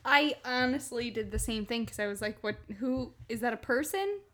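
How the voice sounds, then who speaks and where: A woman co-hosting a podcast, chatting playfully and reacting quickly to a story being read. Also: on the high side, fairly bright tone. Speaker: podcast co-host. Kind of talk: casual chat.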